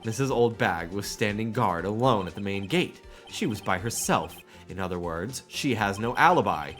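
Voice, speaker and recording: An earnest young defense lawyer lays out his reasoning and pleads his case, read by a man. The voice is fairly low, close to a plain speaking voice. It is a video game character voiced on a stream. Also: expressive, normal speed, a bit bright, soft background music.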